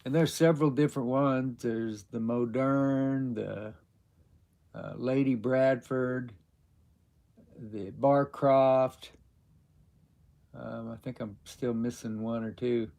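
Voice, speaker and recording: A man hosting a casual live stream, answering viewers' chat questions in a rambling, halting way with many fillers. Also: mid-range voice, steady tone, vocal fry, warm tone. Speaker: livestream host.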